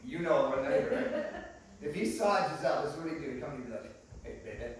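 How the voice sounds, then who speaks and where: A male pastor with a slightly high voice tells humorous stories from the pulpit and keeps turning to his congregation as friends. The sound is distant and heavily echoey, with a faint hum of room noise behind him. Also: fast talker. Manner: lively, humorous storyteller who calls the congregation friends. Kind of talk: storytelling sermon. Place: church hall. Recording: echoey hall, distant mic.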